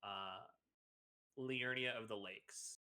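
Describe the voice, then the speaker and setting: A man's voice: lowish voice, slow pace, heavy background noise. Guy guiding a co-op game. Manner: explaining, relaxed and helpful. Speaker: co-op guest player. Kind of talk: casual gaming chat.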